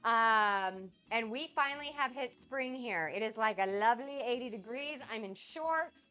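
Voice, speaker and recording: A young woman getting over a cold, chatting excitedly with viewers on her cooking live stream. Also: a little high, moderate pace, faint music behind. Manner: bubbly, gushing and excitable. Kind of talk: casual live-stream chat.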